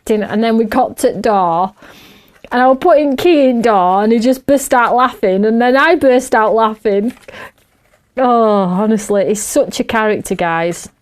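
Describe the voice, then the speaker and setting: A woman's voice: a little high, normal speed. A middle-aged woman, chatting and laughing as she hosts a craft show while she works. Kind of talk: casual chat while crafting.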